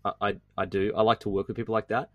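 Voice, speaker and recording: A middle-aged man with a low-pitched voice speaks as a podcast guest. He talks emphatically and repeats phrases for effect. The sound is dry and close, with no room around it. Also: fast talker, no echo, lo-fi sound. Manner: emphatic, animated, repeats himself. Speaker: guest entrepreneur. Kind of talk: podcast conversation.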